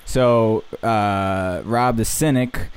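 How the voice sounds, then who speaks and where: A man's voice: on the low side, smooth. A man hosting a casual podcast chat, recalling history with many fillers and restarts. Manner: lively, halting with fillers. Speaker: podcast host.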